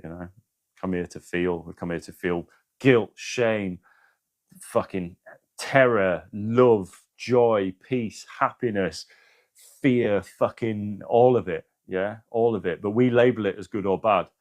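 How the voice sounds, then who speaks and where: A man with a fairly low voice hosts a relaxed spiritual livestream. He talks earnestly and swears freely. He reads passages aloud with strong emphasis. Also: slow pace. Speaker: spiritual live-stream host. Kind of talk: casual livestream talk, reading aloud.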